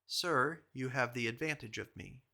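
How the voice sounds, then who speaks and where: A man's voice: medium pitch, moderate pace, gravelly, bright, forceful tone. A man reading aloud and voicing a stiff, formal lawyer greeting a stranger with cool courtesy. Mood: stiffly formal.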